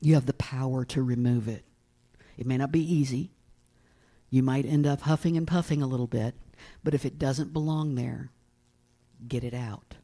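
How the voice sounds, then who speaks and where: A woman's voice: a bass voice, steady tone, normal speed, warm tone. A middle-aged woman pastor from East Tennessee giving a folksy, storytelling sermon and often asking her congregation "right?".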